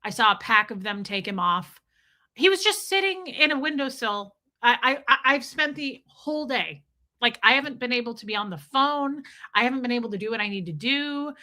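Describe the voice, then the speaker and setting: A middle-aged woman streaming live, chatting to her viewers and telling a story with deadpan, animated quotes. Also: high voice, brisk. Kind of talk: casual storytelling to a live chat.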